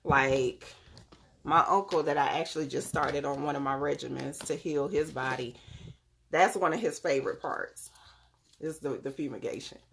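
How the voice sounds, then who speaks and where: Brief: young woman, deep voice with fry, relaxed chatty live-stream host talking to viewers through her phone. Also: normal speed. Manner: chatty, talks straight to viewers by name. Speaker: live-stream host selling crystals and readings. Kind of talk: casual live-stream demonstration.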